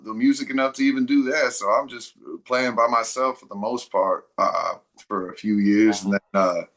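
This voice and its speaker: Laid-back man with a low voice. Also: fairly bright tone. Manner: laid-back, says "man" often, laughs easily. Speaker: guest, blues musician. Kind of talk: casual interview chat.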